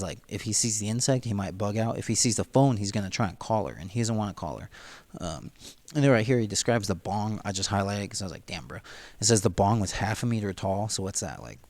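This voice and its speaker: A man with a lowish, darkish voice reads casually through a novel and comments on it as he goes. His talk rambles and leans on slang, full of "like" and "dude."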